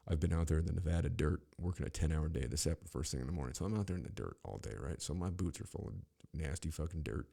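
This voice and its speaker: A man's voice: very deep voice, expressive, quick pace, creaky, hardly any pauses, warm tone, slightly rough. A man hosting a podcast, telling a rambling, profane story with frequent restarts. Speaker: podcast host. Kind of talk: casual storytelling monologue.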